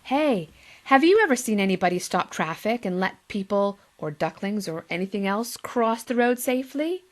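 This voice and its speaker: A woman's voice: a little high, a bit bright. A woman teacher with a Boston accent reading a picture book aloud to young children, with playful asides to them.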